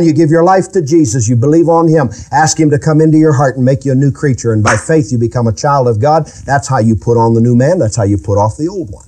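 A pastor preaching a sermon, asking the congregation rhetorical questions. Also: male voice, medium pitch, quick pace, few pauses, mellow.

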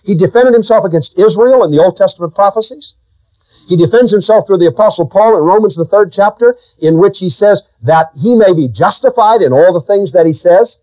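Male preacher, high voice, very animated pitch, dry close sound, sermon delivery. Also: a little fast, no room sound. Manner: preaching with sudden rises and drops in pitch, asking the listeners questions.

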